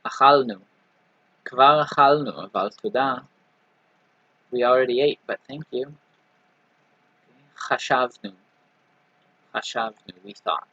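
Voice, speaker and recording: Patient, bright-voiced male language teacher. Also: medium pitch, dry recording, lo-fi sound. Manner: patient, repeats example words slowly with many "right?" and "okay". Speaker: Hebrew teacher. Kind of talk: recorded language lesson.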